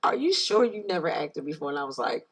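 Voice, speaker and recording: A woman's voice: low voice, very animated, fast talker, rough recording. A woman hosting a talk show, who chats casually with her guest and reads out her sponsors. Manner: friendly, gives frequent backchannel replies. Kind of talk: casual interview chat.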